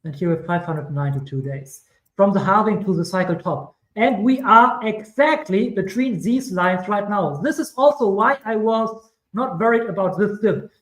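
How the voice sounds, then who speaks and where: A man's voice: sits high, moderate pace, fairly bright tone, reverberant, rough recording. A man with a German accent giving casual crypto chart commentary, rambling and correcting himself with chatty asides. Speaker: crypto streamer.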